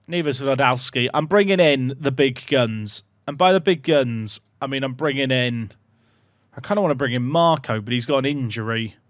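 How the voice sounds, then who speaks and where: Excitable man commentating his game. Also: medium pitch, dry recording, clean studio sound. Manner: excitable, shouts at goals, chatty asides. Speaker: gaming YouTuber. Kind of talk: live football game commentary. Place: home room.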